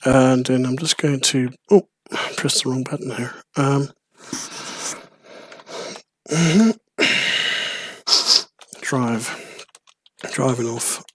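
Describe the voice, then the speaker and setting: A man's voice: mid-range voice, drawn-out words, long pauses, darkish tone, husky, no room sound, clean studio sound. A man giving playful, rambling commentary on a video game, with frequent chuckles. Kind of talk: let's play commentary.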